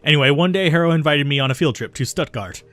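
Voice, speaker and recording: A man reading aloud the lines of a remorseful young woman who was once a cultist, in a steady confessional tone with small slips. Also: a little high, fast talker, no room sound, close to an everyday voice. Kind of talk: reading game dialogue aloud.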